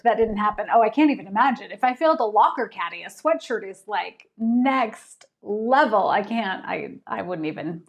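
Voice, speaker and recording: A woman's voice: on the high side, darkish tone. A woman author hosting a casual livestream, chatting with viewers and laughing often.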